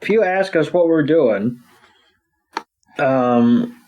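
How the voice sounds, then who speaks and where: A man's voice: a little high, expressive, slow pace, dull audio. A man voicing a theatrical woman villain from a cartoon, reciting her motto with mock grandeur. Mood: grandiose.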